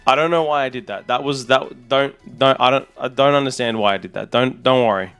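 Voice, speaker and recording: A man, a streamer, chatting casually and excitably with his audience while rambling on. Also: mid-range voice, brisk, clear, resonant tone, faint music behind. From Australia. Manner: excitable, rambling, talks to chat. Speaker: streamer and content creator. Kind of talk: casual live-stream chat.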